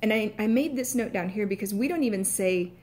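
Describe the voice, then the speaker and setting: An American woman with a Southern accent, an actor casually explaining accent sounds, hesitant with many filler sounds and some throat clearing. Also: medium pitch, fairly quick, a little mellow. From United States.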